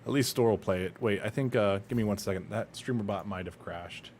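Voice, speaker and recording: Playful low-voiced male streamer. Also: a little fast, a little mellow, a little hiss or hum. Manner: playful, teasing banter. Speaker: streamer playing a shooter game. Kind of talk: casual gaming chat.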